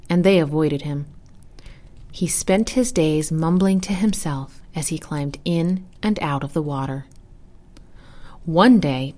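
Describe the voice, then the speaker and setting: A woman narrates a folk tale in a calm, measured way. Her voice sits lowish and stays soft and quiet between the dialogue. Steady scripted storybook reading. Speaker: story reader.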